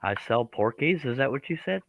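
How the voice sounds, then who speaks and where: A man's voice: medium pitch, lively intonation, a little fast, creaky, highs cut off. A man with a Texan accent hosting a live stream, joking and laughing often. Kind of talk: casual chat on a live stream.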